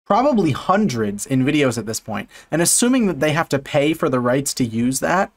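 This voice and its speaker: A man's voice: a little high, very animated, moderate pace. A man, a fish biologist, giving casual reaction commentary on a video in a sarcastic, amused and profane way.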